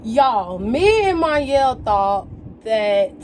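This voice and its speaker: A young woman tells a story as she gets ready, in a casual, animated way. Her voice sits high, and she keeps slipping into slangy quoted exclamations. A faint hum of the room stays behind her. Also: slow. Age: young adult. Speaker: vlogger.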